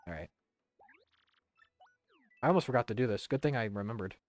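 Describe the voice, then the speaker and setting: A man's voice: fairly low pitch, lively intonation, brisk, no room sound, faint music behind. Rambling young male game streamer. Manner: rambling, swearing, humming to himself. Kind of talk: casual gaming stream chat.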